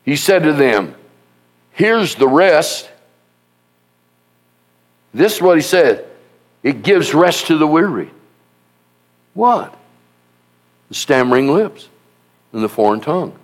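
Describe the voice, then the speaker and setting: A man preaching a sermon as pastor, emphatic and repetitive, rising at times to shouts. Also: fairly high pitch, animated, normal speed.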